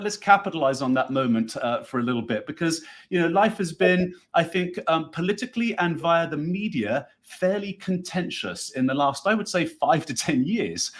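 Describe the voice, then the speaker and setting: Effusive American man hosting live. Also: fairly high pitch. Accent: New Jersey. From United States. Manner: effusive, enthusiastic, rambling. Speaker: host. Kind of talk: live online interview.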